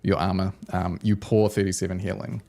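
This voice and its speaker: A man with a very low, gravelly voice narrates a tabletop fantasy game as game master. He describes the scene in loose, meandering phrases, pausing on fillers as he builds the picture. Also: flat delivery, mellow. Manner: descriptive narration with frequent ums and likes.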